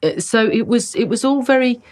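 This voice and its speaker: A woman in her sixties, a guest in a relaxed interview, talking in an animated way with restarts and wry self-mockery. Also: fairly high pitch, normal speed. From Britain. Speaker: guest actress.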